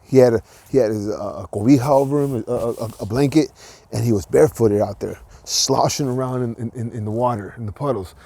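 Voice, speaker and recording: A man's voice: mid-range voice, fairly quick, gravelly, dark tone. A man hosting his own podcast, talking alone in a casual, rambling way with many restarts, earnest and encouraging. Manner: rambling, with frequent restarts and filler words. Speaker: podcast host. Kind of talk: casual solo monologue.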